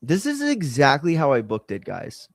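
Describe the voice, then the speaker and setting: A man's voice: on the high side, wildly swooping pitch, moderate pace, creaky, no echo. A man hosting a live watch-along, talking casually in a rambling way and often correcting himself mid-sentence. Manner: rambling, self-correcting, conversational. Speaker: host.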